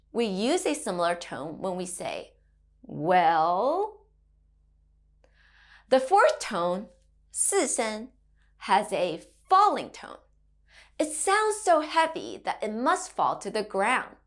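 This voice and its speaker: A woman teaching Mandarin to children in a cheerful, slow and clearly enunciated teacher's voice. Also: medium pitch, a bit bright. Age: adult parent. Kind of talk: children's language lesson.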